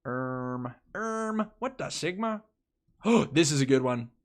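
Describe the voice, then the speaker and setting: A man's voice: on the high side, animated, takes it slowly. A young man hosting a casual live stream, rambling and restarting his phrases as he talks to his chat.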